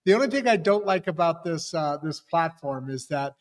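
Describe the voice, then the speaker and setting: A man's voice: on the high side, lively intonation, moderate pace, big-room sound. A man hosting an interview, chiming in with encouraging short agreements. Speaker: host. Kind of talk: casual interview chat.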